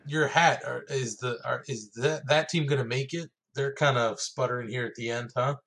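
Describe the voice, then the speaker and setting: A man co-hosting a podcast in casual chat, with quick banter full of laughs and swearing. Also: medium pitch, fairly even intonation, vocal fry, fairly bright tone. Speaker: podcast co-host.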